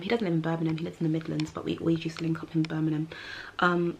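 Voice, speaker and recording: Gravelly-voiced young woman vlogging. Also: low-pitched, flat delivery, a little fast. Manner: chatty, candid, filler-heavy. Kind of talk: casual Q&A vlog. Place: outdoors at dusk. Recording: faint background noise.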